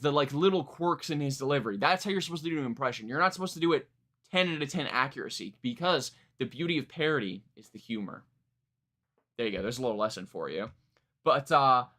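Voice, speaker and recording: Man, live stream reaction chat, rambling, bright tone, slightly high voice. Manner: rambling, many fillers and restarts, laughs at himself.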